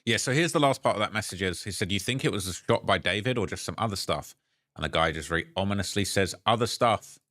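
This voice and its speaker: A man's voice: low-pitched, fast talker, sharp tone, no room sound, clean studio sound. A man narrating a commentary video, reading messages and news aloud, hesitant with restarts.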